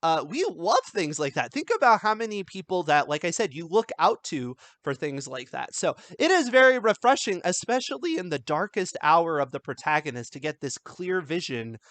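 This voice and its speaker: A man teaching writing, talking through a film script in a loose, chatty way with lots of fillers. His voice sits a little higher than most men's. The sound is dry and close, with no room echo. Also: sing-song, normal speed, hardly any pauses, a bit bright. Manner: conversational, many fillers and restarts; reads film quotes aloud. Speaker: writing instructor. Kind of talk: script analysis lesson.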